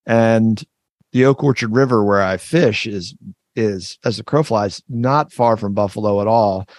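A man co-hosting a casual podcast quiz, playful and halting, with many fillers and restarts. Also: fairly low pitch, darkish tone, no room sound. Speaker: podcast co-host. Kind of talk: casual chat.

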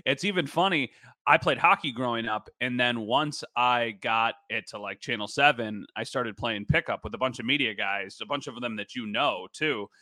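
A man's voice: medium pitch, moderate pace, pushed and bright, no room sound. A man co-hosting a sports podcast, chatting casually with a self-deprecating manner. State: just recovered from a nasal cold. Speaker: sports podcast co-host, former TV reporter.

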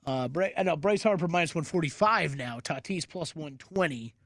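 A man co-hosting a sports betting show, giving quick, matter-of-fact odds updates. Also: on the high side, expressive, fairly bright tone, dry recording, clean studio sound. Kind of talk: casual sports talk.

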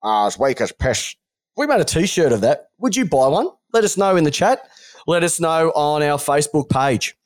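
A man's voice: fairly high pitch, moderate pace. An Australian man co-hosting a podcast, bantering bluntly and mockingly about football. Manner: blunt, mocking, animated ranting. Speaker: podcast co-host. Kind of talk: casual sports banter.

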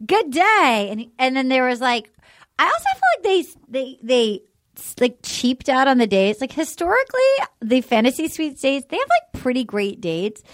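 A woman's voice: high voice, big pitch swings, normal speed, a little hiss or hum. A woman co-hosting a podcast, chatting casually and animatedly, often laughing and mimicking the people she talks about. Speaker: podcast co-host. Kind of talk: casual recap chat.

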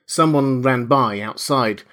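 A man's voice: mid-range voice, takes it slowly, a bit bright. Man reading a classic novel aloud. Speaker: reader. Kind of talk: audiobook narration.

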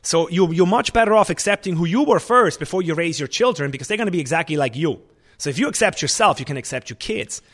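A man, a restaurant chef and owner, talking in an animated, emphatic way in a casual interview. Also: fairly high pitch, quick pace.

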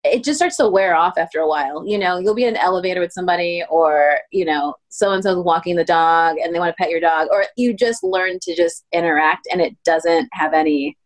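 A woman in her thirties, a pastry chef guest telling stories in a casual interview, acting out quoted voices with sudden pitch jumps. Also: fairly quick, hardly any pauses. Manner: animated, acts out quotes with lively pitch jumps. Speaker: guest, pastry chef turned ice cream maker.

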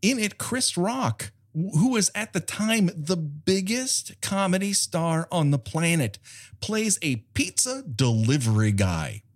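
A man's voice: sits high, very animated, slow pace. A man co-hosting a casual film podcast, talking in a profane, sarcastic way. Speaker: podcast co-host.

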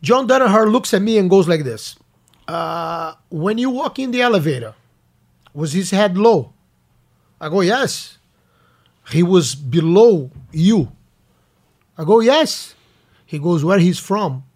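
Brazilian guy, highish voice, stop-start storytelling with lots of repeats. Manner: halting, repeats words, lively storyteller. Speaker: guest. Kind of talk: casual chat, storytelling.

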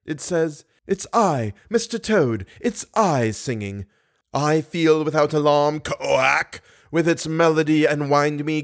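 A man's voice: a little high, pitched above the performer's own voice. Guy doing creepy masked phantom, mocking and brooding, audiobook vibe. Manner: wheedling, mocking, sudden bursts of glee. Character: menacing masked male phantom, theatrical and brooding.

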